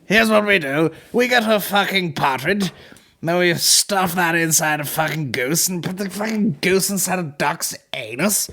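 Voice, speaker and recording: A man's voice: high-pitched, normal speed, pushed and bright, pitched above the performer's own voice, heavily acted. A man putting on the voice of a pompous, boastful posh aristocrat in a comic bit. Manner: boastful, sneering, crude. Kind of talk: comic impression.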